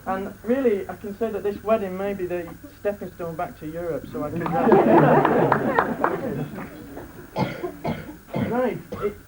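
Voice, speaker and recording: A man's voice: high voice, animated, takes it slowly, long pauses. A man giving a joking wedding speech as best man, laughing between lines and restarting his sentences. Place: wedding reception room. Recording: loud crowd and noise, live reception.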